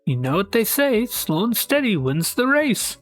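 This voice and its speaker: A woman voicing a gentle, patient older male king from a cartoon, talking slowly and soothingly. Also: a little high, sing-song, faint music behind.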